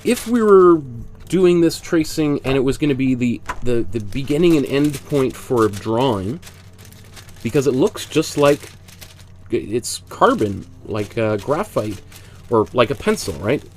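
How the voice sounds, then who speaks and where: A man with a stuffy, congested voice leads a casual painting lesson. He chats along in a mid-pitched voice and explains each step as he goes. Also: big pitch swings, unhurried, a little mellow. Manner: chatty, explains step by step while working. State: congested with a cold. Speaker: art instructor.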